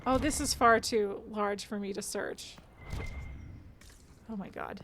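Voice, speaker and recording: A woman's voice: mid-range voice, steady tone, takes it slowly, fairly bright tone, slight background noise. A woman streaming a video game, chatting to herself and chat as she plays and laughing often. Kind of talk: casual let's-play commentary.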